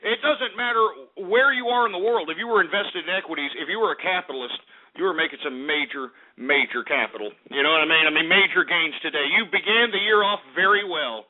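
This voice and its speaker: Brash male radio host with a high voice, boastful and excitable, heard over a thin phone-quality line. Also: fairly quick. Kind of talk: talk radio market report. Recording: tinny, phone-like radio sound.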